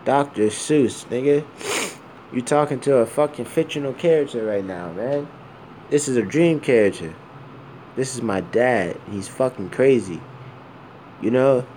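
A man's voice: mid-range voice, unhurried, long pauses, warm tone, slight background noise. A man of around forty talking bluntly and with plenty of swearing in a rambling personal monologue, full of fillers and repeated asides.

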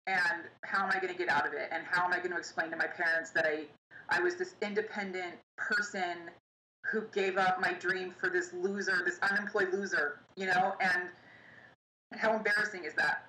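Interview guest, woman, young, bright and forceful voice, halting delivery, roomy echo. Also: on the low side, steady tone, a little hiss or hum. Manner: halting, pausing often, recounting painful memories. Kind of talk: personal storytelling. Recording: echoey room with faint ambience.

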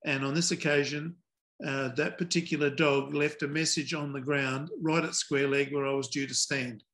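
An older man, a retired umpire, recounts anecdotes with dry, relaxed humor. His voice sits a touch high for a man. He takes his time with a punchline. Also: moderate pace. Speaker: retired cricket umpire, guest. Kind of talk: podcast interview anecdotes.

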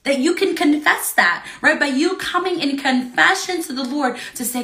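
A woman's voice: sits high, lively intonation, normal speed, pushed and bright, echoey room. A young woman giving an earnest, encouraging devotional talk to an online audience, laughing often between points. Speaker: preacher.

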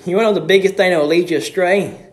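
A young man preaching a sermon in a church, fervent, shouting his refrains and swinging his voice from high to low. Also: racing, echoey room. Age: young adult.

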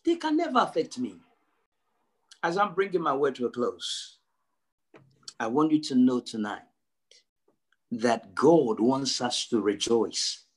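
A male pastor preaching a sermon, emphatic, repeating his phrases and swinging from low and quiet to high and loud. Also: big pitch swings, a little slow, long pauses, slightly rough. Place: church service.

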